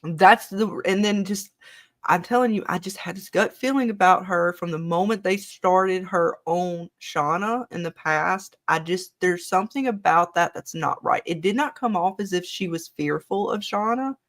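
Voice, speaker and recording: Co-host ranting about a tv episode, cusses a lot, jumps around, mid-pitched voice. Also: moderate pace, a bit bright. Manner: blunt, profane, rambling. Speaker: show co-host. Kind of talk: casual live episode discussion.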